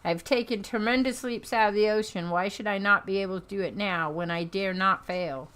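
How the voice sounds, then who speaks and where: A woman's voice: mid-range voice, brisk, a bit bright, clean tone, natural voice. A woman voicing a proud, determined male sea-king hero while reading a comic book aloud.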